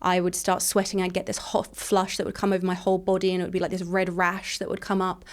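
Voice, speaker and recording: A woman with a fairly low pitch and an utterly flat delivery speaks as an interview guest. She's English and in her thirties, relating her personal story in a fast, frank manner full of "like."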